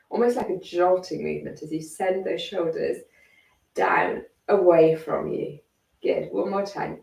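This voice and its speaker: Croaky fitness lady cueing stretches, gravelly, kinda far off in a roomy space. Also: mid-range voice, unhurried. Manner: calm, encouraging step-by-step cueing. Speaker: fitness instructor. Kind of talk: guided stretching class. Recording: echoey room, mic at a distance.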